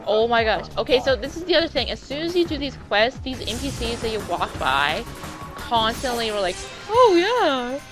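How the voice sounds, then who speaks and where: A woman's voice: fairly high pitch, lively intonation, fairly quick. A young woman giving casual, chatty let's-play commentary, self-deprecating and full of exclamations. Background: game music.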